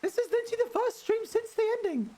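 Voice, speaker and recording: Guy streaming in a super high head voice, chatty, rambly, laughs a lot. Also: expressive, fast, dark tone. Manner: speaking in a put-on high head voice. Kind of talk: casual live-stream chat while gaming.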